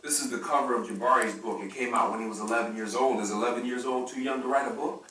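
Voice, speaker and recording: A man's voice: medium pitch, fast talker, pushed and bright, a little hiss or hum. A man giving a university lecture in an impassioned, preacher-like style with call-and-response to the audience. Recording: echoey hall from far off.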